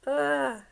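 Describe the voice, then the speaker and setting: A woman's voice: high voice, gravelly. Chatty older woman, laughing often. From Canada. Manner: chatty and teasing, laughs often, reads aloud haltingly. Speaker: live stream host. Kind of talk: casual live-stream chat.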